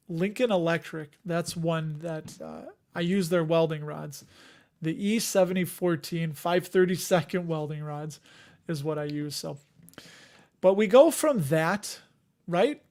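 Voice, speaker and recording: A man in his forties with a fairly high voice hosts a loose livestream chat. He wanders between thoughts, restarts his sentences and laughs easily as he reads out viewer comments. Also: darkish tone. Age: 40s. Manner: chuckles often, trails off and restarts. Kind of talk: casual rambling livestream chat.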